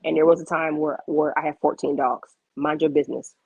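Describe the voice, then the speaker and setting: A young woman chatting casually on a livestream, blunt and animated, cursing freely. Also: sits low, brisk, slightly rough, dry recording, lo-fi sound.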